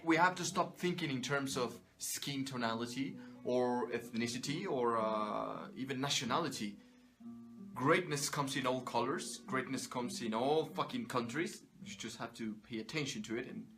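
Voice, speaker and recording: A man's voice: mid-range voice, fairly bright tone. A man giving an emphatic, profane motivational monologue, repeating himself for emphasis. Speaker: motivational speaker.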